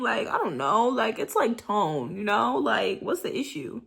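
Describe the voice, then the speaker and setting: A young woman talking in a candid, slangy vlog monologue, animated and sometimes dropping into soft breathy whispers. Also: fairly high pitch, moderate pace, few pauses. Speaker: vlogger.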